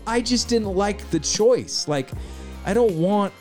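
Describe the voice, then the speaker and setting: A man's voice: high voice, animated, slow pace, darkish tone, soft background music. A man co-hosting a casual film review chat, agreeable and talkative, often chiming in with yeah.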